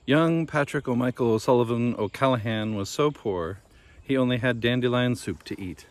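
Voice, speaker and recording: A man reading a children's fairy tale aloud in a gentle, measured storytelling manner. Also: mid-range voice. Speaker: storybook reader.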